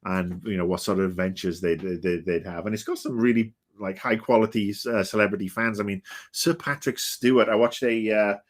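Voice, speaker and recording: Man, fifties, low voice, rambling, grumpy, swears a lot, casual stream chat. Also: steady tone, brisk. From Britain. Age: 50s. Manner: rambling, grumpy and profane, with many fillers. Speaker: livestream host.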